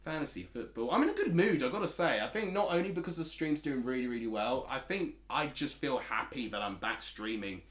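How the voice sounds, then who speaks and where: A chatty man with an Essex accent streams a football watchalong, his pitch bouncing up and down as he reads out chat messages. He sounds like he's in an echoey room. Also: expressive, brisk, few pauses, fairly bright tone. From Essex, England. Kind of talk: casual football watchalong commentary.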